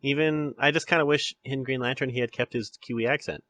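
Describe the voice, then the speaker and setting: Man, podcast host, casual rambling chat, frequent laughs, bright voice. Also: medium pitch, fairly even intonation, a little fast, no room sound. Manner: laughs often, rambling with restarts.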